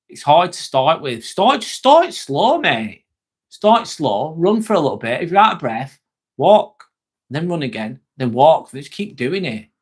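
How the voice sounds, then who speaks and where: A man's voice: on the high side, breathy edge. A man hosting a casual livestream, chatting with viewers, joking and swearing as he answers their messages. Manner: chatty, jokey, swears, talks straight to viewers. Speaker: livestream host reading chat. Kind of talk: casual live-stream chat.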